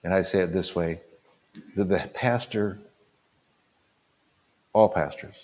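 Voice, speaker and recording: An older man with a very low, deep voice gives an earnest motivational talk as a pastor. He drives points home by repeating phrases, jumping from loud bursts down to near-quiet asides. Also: takes it slowly. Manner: swings between loud punches and quiet drops. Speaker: pastor and conference speaker.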